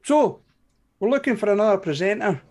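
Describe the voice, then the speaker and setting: A woman co-hosts a live stream, rattling through viewer greetings in a chatty, sweary way. Her pitch bounces up and down as she talks. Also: expressive, brisk, heavy background noise. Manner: chatty, laughing, swears freely. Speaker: co-host. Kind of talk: live stream chat, reading out viewer names.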